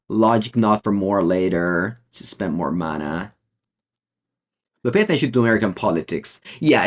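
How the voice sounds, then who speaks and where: Deep-voiced Italian man streaming games. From Italy. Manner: rambling, many fillers and restarts. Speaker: streamer playing a card game. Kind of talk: casual gameplay commentary, answering chat.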